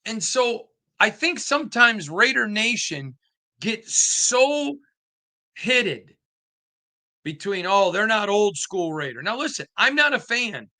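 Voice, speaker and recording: A man's voice: high voice, sing-song, slow pace, pushed and bright. A middle-aged man hosting a sports show, telling rambling stories and building to an impassioned opinion rant. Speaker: sports beat writer and show host. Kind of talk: opinion monologue to camera.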